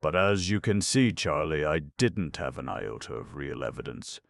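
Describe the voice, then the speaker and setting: A man voicing an eager young gentleman in an audiobook, explaining in a brisk, excited way. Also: rumbling low, vocal fry, dry recording, full character voice. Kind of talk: audiobook narration.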